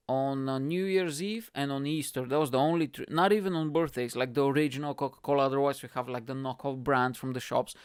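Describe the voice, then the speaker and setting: Man with a smooth voice, recorded dry and close. He is a profane, rambling comedy podcast host. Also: medium pitch, no echo. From Bulgaria. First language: Bulgarian. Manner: rambling, profane, animated, self-mocking.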